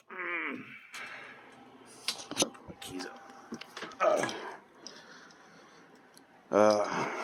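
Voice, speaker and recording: Guy rambling through a story real slow, gravelly voice, lotta uh and um. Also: on the low side, a little hiss or hum. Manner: rambling, unhurried, many pauses and fillers; informal folksy speech. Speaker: vlogger. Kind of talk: casual storytelling.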